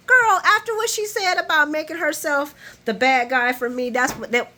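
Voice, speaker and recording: A woman host doing a casual, animated recap vlog of a soap opera. She curses freely, laughs often, and acts out the characters' lines as she retells scenes. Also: high-pitched, moderate pace, slight background noise.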